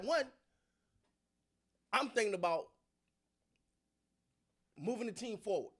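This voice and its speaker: A man's voice: high voice, slow pace, long pauses. A man hosting his own sports channel, talking casually to his viewers and giving his opinions in a loose, slangy, repetitive way. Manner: animated, repetitive, slangy, talks to the audience. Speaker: sports commentary host.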